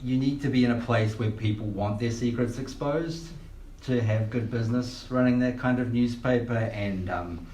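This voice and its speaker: A man playing a tabletop game in character, talking hesitantly with many pauses and ums. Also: medium pitch, darkish tone, a little hiss or hum. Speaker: player. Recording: roomy, distant mic.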